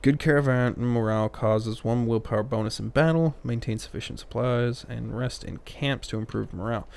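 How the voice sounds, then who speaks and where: A man's voice: mid-range voice, moderate pace, creaky, darkish tone, a little hiss or hum. A man playing through a story game, reading the dialogue aloud and cutting in with crude, joking asides. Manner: reads game dialogue, breaks off with crude jokes and muttered asides. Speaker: let's play host reading game text.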